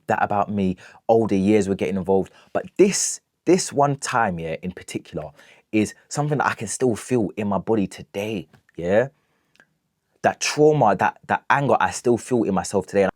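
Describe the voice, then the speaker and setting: A man's voice: fairly low pitch, moderate pace, a little mellow, dry recording, studio quality. A young man telling a storytime rant, emphatic, checking in with "yeah?" after nearly every phrase. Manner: emphatic, keeps asking "yeah?". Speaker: vlogger.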